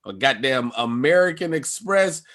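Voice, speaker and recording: A male stand-up comedian telling a profane story on a podcast, acting out everyone's lines with sudden leaps in pitch and volume. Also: expressive, moderate pace. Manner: profane, acts out people's lines with big jumps in pitch and loudness.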